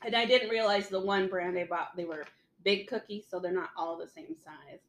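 A woman's voice: medium pitch, lively intonation, normal speed. Chatty woman in a roomy echo. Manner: chatty, laughs often, retells scenes with voices. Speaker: podcast co-host. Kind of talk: casual chat.

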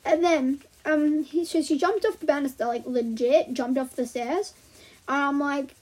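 A woman casually chatting and retelling film scenes in an animated, rambling way, full of "like," while drawing. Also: high voice, unhurried. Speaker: host.

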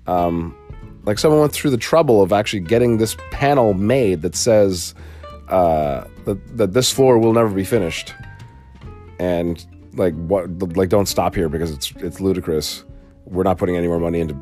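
A man hosting a casual solo podcast, telling a long story in a rambling, animated way with many fillers, from a small home studio. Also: deep voice. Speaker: podcast host.

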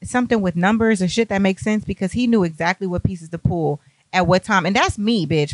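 A young woman telling a party story, animated and profane, acting out what people said. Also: mid-range voice, fairly quick, no room sound. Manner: animated, profane, acts out quotes. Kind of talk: casual storytime.

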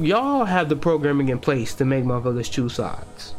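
A young adult man hosting a podcast, giving a loose, profane, slangy and excitable film breakdown in a casual monologue. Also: mid-range voice, moderate pace, faint music behind. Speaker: podcast host.

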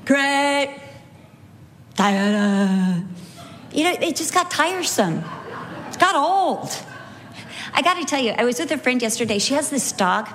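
Animated woman teaching a Bible lesson. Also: high voice. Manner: animated storyteller, slows for emphasis. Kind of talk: sermon teaching with anecdotes.

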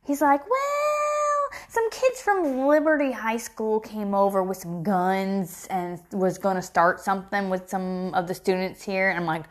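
A middle-aged woman telling a story in a casual vlog, animated and acting out her own shocked reactions, recorded on a phone. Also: medium pitch, normal speed, few pauses.

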